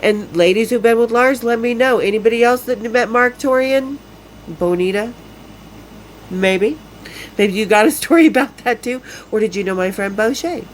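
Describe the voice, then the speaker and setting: A woman's voice: a little high, normal speed, slight background noise, rough recording. A woman in her fifties from Utah, hosting a podcast and telling a story casually, bluntly and with lots of swearing. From Salt Lake City, Utah. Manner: blunt, profane, laughs often. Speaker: podcast host.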